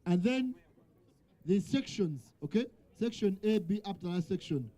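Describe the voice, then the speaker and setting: A man hosts a quiz night, calling out to the teams and teasing them. His voice sits high and sounds mellow and dark in tone. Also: expressive, moderate pace. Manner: calls out to the crowd and jokes with teams. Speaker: event host. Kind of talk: hosting a live quiz night. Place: event venue with a crowd.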